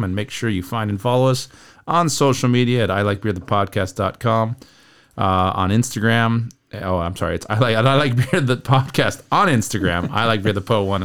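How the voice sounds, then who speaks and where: A man's voice: lowish voice, a bit bright, smooth. A man co-hosting a casual podcast, talking in an easygoing, agreeable way. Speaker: podcast co-host.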